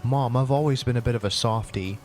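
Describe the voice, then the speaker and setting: A man gives a comedic dramatic reading of his own old story, voicing each character in turn. Between stretches of flat reading, he breaks off with sarcastic, cringing outbursts and commentary. His voice is medium in pitch and fairly quick.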